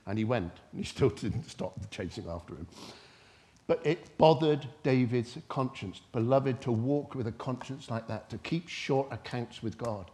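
A man preaching a sermon without notes, retelling scripture in his own words and swinging between loud emphatic bursts and soft quiet passages. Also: medium pitch, lively intonation, moderate pace. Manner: impassioned, rising to loud emphatic bursts then dropping soft.

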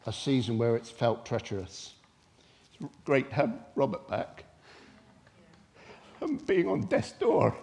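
A man preaching a sermon without notes, retelling scripture in his own words and swinging between loud emphatic bursts and soft quiet passages. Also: mid-range voice. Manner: impassioned, rising to loud emphatic bursts then dropping soft.

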